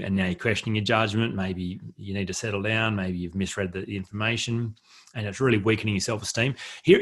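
A man hosting a solo self-help podcast, talking earnestly and reflectively, repeating key phrases for emphasis. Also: lowish voice. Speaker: podcast host.

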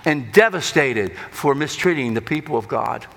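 A man preaching a sermon, swinging between loud emphatic lines and hushed low ones. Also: animated, moderate pace. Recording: long hall reverb.

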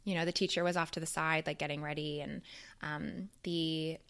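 A woman's voice: sits low, level tone, normal speed, fairly bright tone, smooth. Candid woman telling her own story. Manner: candid and emotional, with fillers, laughs and swearing. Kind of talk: casual personal storytelling.

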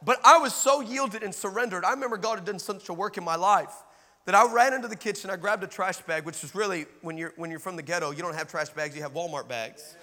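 A man with a high, bright voice preaches a sermon, acting out the dialogue of his story and rising into emphatic exhortation. His voice carries the long reverb of a large hall. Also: quick pace.

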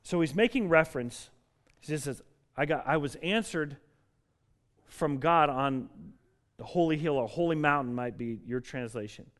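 High-voiced man preaching a sermon. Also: lively intonation, normal speed, long pauses, fairly bright tone. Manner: earnest, emphatic preaching that swells and drops. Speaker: pastor.

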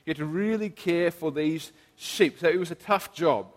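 Young male preacher, conversational storyteller, slightly high voice, echoing hall. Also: normal speed. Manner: chatty and animated, frequent fillers and restarts. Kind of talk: casual sermon with storytelling. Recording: long hall reverb.

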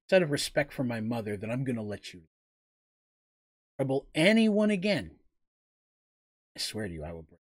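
A man voicing a calm, menacing male warrior in a tabletop game, speaking low and measured. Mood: cold threat.

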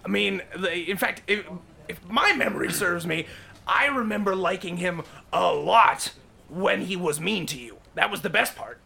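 A man co-hosting an improvised comedy podcast, excitable and prone to bursts of shouting. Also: high voice, normal speed, gravelly.

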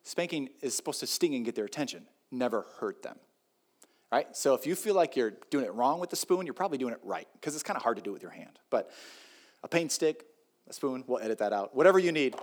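A man's voice: mid-range voice, lively intonation, fairly quick. Pastor, middle-aged man, chatty sermon, swoops up and down a lot, punchy repeats. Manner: conversational and joking, with emphatic repetition.

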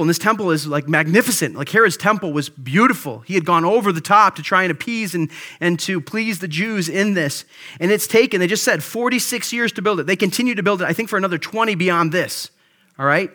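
A man pastor preaches in a relaxed, conversational manner and keeps checking in with his listeners. His voice sits high for a man and sounds bright and forceful. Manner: conversational, with frequent "like" and "right?". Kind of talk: sermon.

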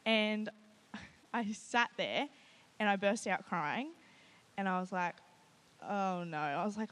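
Woman sharing her testimony at church, lively storyteller, keeps going "i was like". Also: mid-range voice, slow pace, pauses often. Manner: animated storytelling, often quoting herself with "I was like"; nervous and laughing at times. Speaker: testimony speaker at a church gathering. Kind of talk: personal testimony to a live group.

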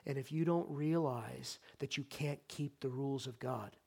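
A man's voice: mid-range voice, moderate pace, vocal fry, slightly rough. Impassioned preaching man. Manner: impassioned preaching, swings between loud exhortation and soft earnest appeals; questions the congregation directly. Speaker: pastor. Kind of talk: sermon. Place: church sanctuary.

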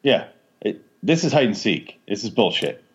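A podcast co-host with a fairly low, slightly rough voice speaks at a normal speed about a movie in casual chat. Profane and often laughing, he spins animated stories, captured in dull, lo-fi audio.

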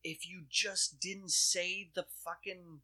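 A man with a fairly high, bright and forceful voice, riffing through a loose, rambling political chat. He talks in an animated way and swears freely as he goes. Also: slow pace.

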